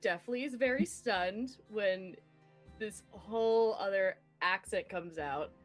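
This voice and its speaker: A woman playing a tabletop game who talks in an excitable, giggly, rambling way. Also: medium pitch, measured pace, soft background music. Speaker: player. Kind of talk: casual tabletop play.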